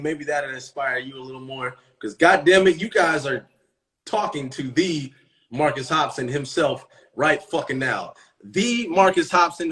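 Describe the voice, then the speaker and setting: A boastful man in his thirties rambles to his viewers on a live stream, pitched a little high. He swears constantly and swaggers, jumping from loud outbursts to quiet, mumbled asides. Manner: profane, swaggering and boastful, swinging between loud and hushed. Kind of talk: casual live-stream monologue.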